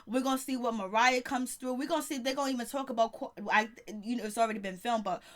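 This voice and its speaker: High, bright-voiced woman recapping TV. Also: quick pace. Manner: animated, laughs often, greets chat viewers. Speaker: vlogger reviewing a reality show. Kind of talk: casual TV recap chat.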